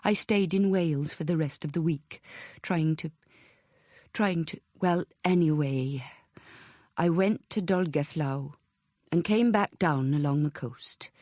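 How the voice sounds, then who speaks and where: A woman reading the lines of an earnest, eager adult man who talks in hurried, halting phrases. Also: on the high side, darkish tone, dry recording, studio quality, close to an everyday voice.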